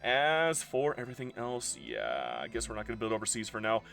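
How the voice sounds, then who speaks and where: A young man commentating his strategy gameplay, swinging from loud outbursts of disbelief to ranting and gloating. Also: medium pitch, wildly swooping pitch, a little fast, creaky, soft background music. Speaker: strategy game video creator.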